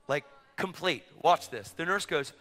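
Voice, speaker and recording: A middle-aged man preaching, telling a story with acted-out dialogue and bursts of shouting. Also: on the high side, a little slow. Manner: excitable, acts out dialogue, rising to shouts. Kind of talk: sermon storytelling. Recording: long reverb of a large hall.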